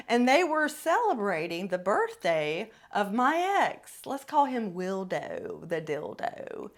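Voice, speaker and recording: Casting note: middle-aged woman, podcast host, unhurried delivery with a wide-swinging, fairly high voice, blunt and salty. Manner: blunt, profane, animated storytelling. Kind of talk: casual storytelling monologue.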